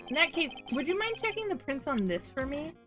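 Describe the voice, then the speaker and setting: A woman's voice: high voice, very animated, brisk, fairly bright tone, soft background music, pitched above the performer's own voice. A woman reading an earnest young defense lawyer. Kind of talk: reading game dialogue aloud on stream.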